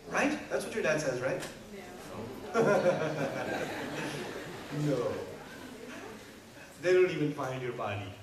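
A man preaching an animated sermon to a live audience, asking many rhetorical questions and speaking straight to his listeners. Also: a little high, takes it slowly, pauses often, a loud crowd. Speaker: Islamic preacher. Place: large echoey hall with an audience. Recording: echoey hall, distant mic, faint room noise.

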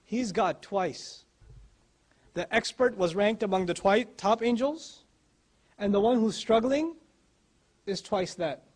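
A man's voice: high-pitched, lively intonation, slow pace, pauses often, darkish tone, breathy edge. A man giving a religious talk, emphatic and repeating his key phrases for weight. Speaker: Islamic speaker.

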